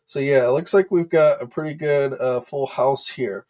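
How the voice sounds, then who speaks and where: A man hosting a casual livestream into his desk microphone. His pitch sits in the middle for a man, and he talks loosely, with frequent filler words and restarts. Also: normal speed, darkish tone. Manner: chatty, many fillers, greets viewers by name. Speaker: host of an action figure news livestream.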